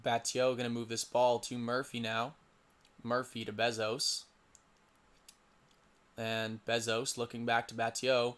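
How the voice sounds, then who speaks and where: A man's voice: medium pitch, monotone, measured pace, long pauses, a bit bright, smooth. Young man calling a simulated lacrosse game. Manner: stumbles over player names and mutters asides. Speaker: play-by-play commentator for a simulated lacrosse league. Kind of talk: casual solo game commentary.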